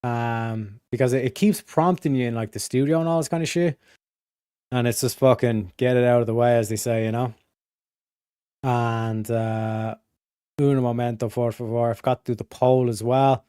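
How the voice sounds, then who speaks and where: A man's voice: mid-range voice, moderate pace, warm tone, smooth, dry recording, studio quality. A man from Europe hosting a live stream, rambling, swearing a lot and reading chat messages aloud. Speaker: livestream host.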